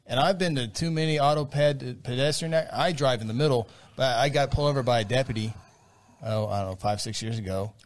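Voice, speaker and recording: A man tells a story in casual conversation, pausing and restarting as he goes. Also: mid-range voice. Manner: rambling, halting storyteller. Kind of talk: casual chat.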